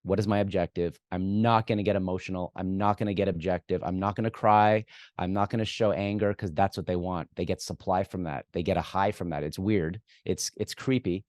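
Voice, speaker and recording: A man with a lowish voice speaks as a guest expert in a conversational interview. He is direct and emphatic, sometimes acting out the words he recommends saying. The sound is close and dry, with no room around it. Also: fairly even intonation, a little fast, darkish tone, no room sound. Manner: direct, emphatic, acts out what to say. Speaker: guest expert on workplace conflict.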